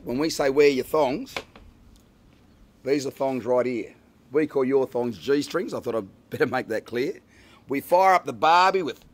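A middle-aged Australian man reciting playful rhyming comic verse with a lilting rhythm. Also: mid-range voice. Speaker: bush poet.

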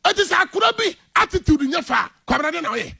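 Indignant Ghanaian coach, very high voice. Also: male voice, quick pace, creaky. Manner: animated, indignant, mixes English and Twi. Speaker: football coach. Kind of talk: heated radio interview.

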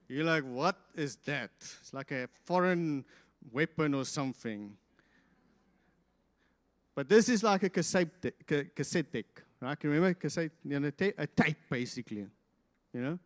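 A man preaching a sermon as pastor, swinging from loud, impassioned peaks to quiet asides. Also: fairly high pitch. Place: church hall. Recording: reverberant church hall.

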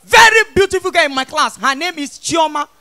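High-voiced Nigerian stand-up comic. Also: male voice, lively intonation, brisk. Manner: playful, loud, mixing pidgin with English. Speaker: stand-up comedian. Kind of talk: stand-up comedy set. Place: comedy stage before an audience.

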